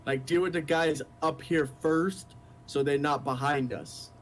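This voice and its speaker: A man's voice: on the high side, steady tone, measured pace, slight background noise. A man playing a tabletop game who thinks aloud and hesitates, often restarting his sentences. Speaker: player. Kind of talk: casual tabletop game chat.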